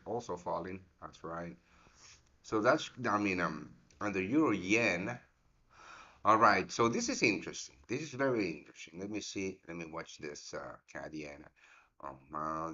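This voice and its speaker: A man with a low-set but bright, forceful voice talks through live market commentary as a show host, casual and meandering, with the odd curse and a friendly "mate" tossed in. The sound is dull and lo-fi, like stream audio. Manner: casual and rambling, swears, calls viewers mate. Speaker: forex trading show host.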